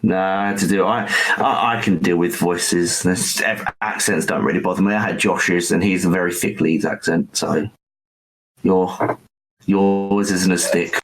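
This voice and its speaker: A man hosting a podcast in casual chat, chatty and self-mocking with quick asides. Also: low-pitched, fairly even intonation, low-quality recording. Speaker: podcast host.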